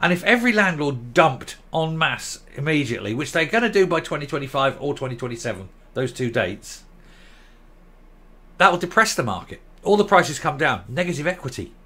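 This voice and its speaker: A man's voice: fairly high pitch, sing-song, brisk, bright, forceful tone. A man giving ranting commentary, blunt, sarcastic and combative.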